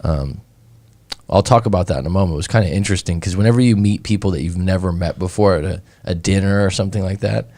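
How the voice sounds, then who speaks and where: Low-voiced man telling stories. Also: fast, no echo. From California. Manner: animated, conversational, acts out anecdotes. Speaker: breakup coach and host. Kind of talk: casual chat, storytelling.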